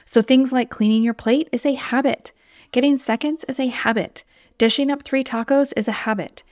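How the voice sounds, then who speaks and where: A woman's voice: sits high, fairly even intonation, normal speed, a little mellow, dry recording, studio quality. A woman hosting a solo podcast as a weight loss coach, talking in an encouraging, conversational way and sometimes acting out inner voices.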